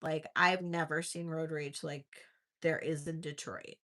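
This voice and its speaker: A woman's voice: sits low, lively intonation, a little slow, a bit bright. A middle-aged woman hosting a live vintage jewelry sale, chatting in a casual, rambling way with lots of "like"s. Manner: chatty storytelling, many "like"s, laughs easily. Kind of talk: casual chat with live auction calls.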